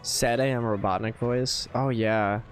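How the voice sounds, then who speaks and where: A man's voice: mid-range voice, fairly even intonation, a little slow, soft background music. A man streaming a game with casual commentary, chatty and rambling, with lots of filler words.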